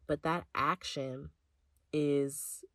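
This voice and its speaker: A woman hosting a devotional talk, speaking in an earnest, heartfelt way and laughing softly now and then. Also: low-pitched, fairly even intonation, extremely slow, no echo. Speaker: faith podcast host.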